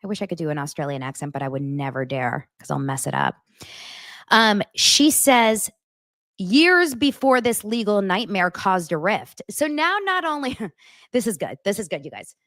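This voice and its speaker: Brief: sarcastic woman hosting a gossip show, animated delivery, dry close sound. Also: medium pitch, normal speed, no echo. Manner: chatty, sarcastic, laughs often. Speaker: host. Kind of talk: casual celebrity gossip commentary.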